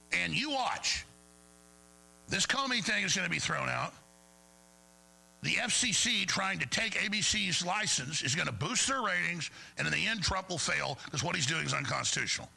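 A man's voice: high voice, creaky, sharp tone, rough recording. A middle-aged man hosting a talk show, ranting angrily and going off on tangents while mocking his opponents. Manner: angry, digressive, mocking impressions. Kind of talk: ranting monologue.

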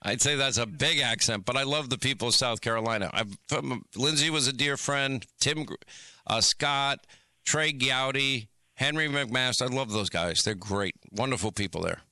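A man hosting a call-in radio talk show, talking quickly with stammering restarts. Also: mid-range voice, bright, forceful tone, dry recording. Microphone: studio microphone.

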